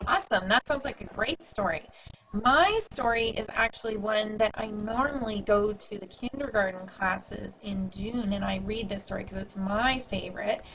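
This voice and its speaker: A woman's voice: medium pitch, moderate pace, slight background noise, low-quality recording. Upbeat woman addressing schoolchildren. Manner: upbeat, speaks warmly to young kids. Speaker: school staff member. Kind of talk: friendly update to schoolchildren.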